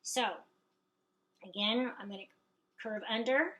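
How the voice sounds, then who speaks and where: A middle-aged woman with a slightly high voice teaches a hands-on cooking demonstration. She talks in a chatty, folksy way and keeps checking in with her class. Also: slow, pauses often, sharp tone, poor audio. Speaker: cooking instructor.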